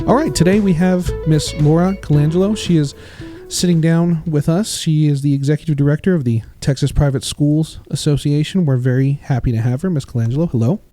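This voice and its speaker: There's faint music behind a man hosting a casual podcast interview, where he chats, tells stories, and acts out quotes by raising his pitch. He talks briskly with hardly any pauses, in a warm tone.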